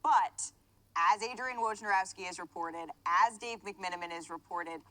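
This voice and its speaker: A woman's voice: medium pitch, moderate pace, sharp tone, no room sound. A woman hosting a sports talk show, moderating the panel with poise. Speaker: host.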